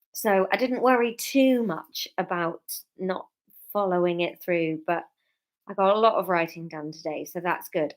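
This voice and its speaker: A woman a little tipsy from wine, talking in a loose, rambling, giggly way. She chats casually from home on a livestream and then reads her own story aloud. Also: medium pitch. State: a bit tipsy. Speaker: comedian and author reading her serial story.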